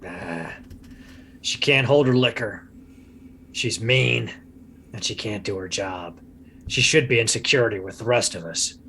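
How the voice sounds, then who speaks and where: A man's voice: on the low side, unhurried, long pauses, sharp tone, slight background noise. A man voicing a weary, aging male cop who is blunt and grumbling. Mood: scornful.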